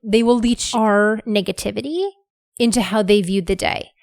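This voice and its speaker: A woman's voice: mid-range voice, fairly even intonation, moderate pace, vocal fry, darkish tone, no room sound, clean studio sound. A woman in her thirties hosting a podcast, talking candidly and casually with plenty of "like" fillers. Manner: candid and chatty, many "like" fillers. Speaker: podcast host.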